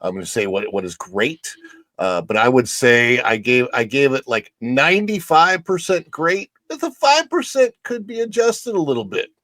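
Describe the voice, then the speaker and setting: A man who is a guest on a theme park show, talking in a halting, emotional way with many restarts. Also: mid-range voice, animated, a bit bright, no echo. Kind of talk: casual chat.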